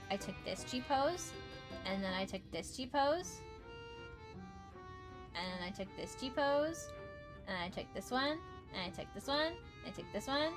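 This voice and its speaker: A woman streaming a video game, chatting casually, repeating herself and breaking into excited squeals. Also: mid-range voice. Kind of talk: casual gameplay livestream chat.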